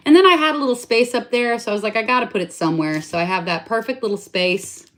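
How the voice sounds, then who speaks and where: A young woman with a fairly high, bright voice talks fast as she shows off a craft project in a casual vlog. She's chatty and rambling, often correcting herself mid-sentence and playfully mocking herself about her own detail work with real enthusiasm. It's a relaxed show-and-tell from a craft vlogger.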